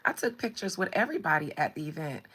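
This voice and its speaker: A woman casually telling a personal story on a podcast in an animated, frank way, swearing freely. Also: sits low, fast talker, husky.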